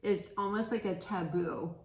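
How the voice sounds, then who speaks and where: A woman's voice: medium pitch, normal speed, a little mellow. A woman giving a casual pick-a-card tarot reading, chatty and giggly, laughing often. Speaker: tarot reader. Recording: echoey room with faint noise.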